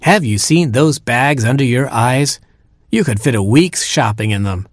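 A man's voice: mid-range voice, animated, measured pace, no room sound, clean studio sound. A man voicing a cheeky, lovesick male cobra with a teasing, wheedling way of talking.

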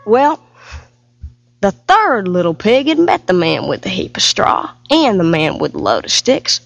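A woman telling a fairy tale in a folksy, lively storytelling voice, full of homespun comparisons. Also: lowish voice, a little slow, vocal fry. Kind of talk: storytelling to music. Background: loud music.

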